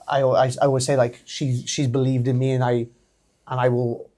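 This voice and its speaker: A man in his thirties with a Welsh accent, a wrestler telling his story as a podcast guest, animated and laughing often. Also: medium pitch, moderate pace. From Wales. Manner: animated, laughs often, acts out quoted voices. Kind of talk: casual storytelling interview.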